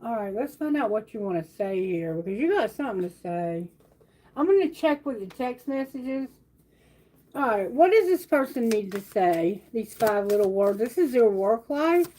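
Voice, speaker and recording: A high-voiced woman reads tarot cards on a live stream. She talks straight to her viewers, blunt and animated, and swears freely as she goes. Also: normal speed. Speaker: tarot reader.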